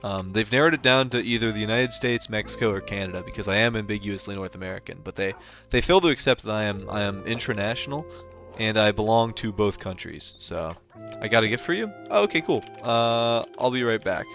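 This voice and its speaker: A man's voice: lowish voice, a little fast, fairly bright tone. A young man chatting casually on a livestream, rambling with lots of fillers and restarts. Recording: dull lo-fi sound with faint music behind.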